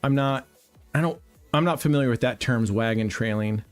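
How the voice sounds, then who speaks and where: A man's voice: mid-range voice, normal speed, faint music behind. Blunt, foul-mouthed male stream host. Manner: blunt, heavily profane storytelling; rambling, with many fillers and restarts. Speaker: roulette livestream host. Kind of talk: casual live-stream chat.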